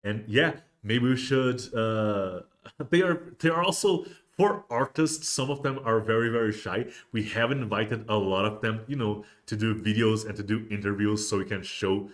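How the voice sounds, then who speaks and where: A man's voice: fairly low pitch, normal speed. A man hosting a casual livestream, rambling with many restarts and fillers. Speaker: host of a miniatures livestream.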